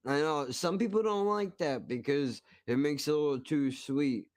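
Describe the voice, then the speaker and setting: A man's voice: on the high side, moderate pace, darkish tone, no room sound, studio quality. A man hosting a stream, reacting to a cooking video with profane, mock-outraged ranting. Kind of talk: casual reaction commentary.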